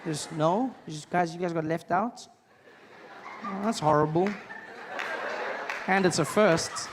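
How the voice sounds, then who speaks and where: A man's voice: fairly high pitch, a little slow, big-room sound, background noise. A man in his thirties doing a stand-up comedy routine on stage, telling stories and acting out voices. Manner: animated storytelling with acted-out voices. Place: stage before a live audience.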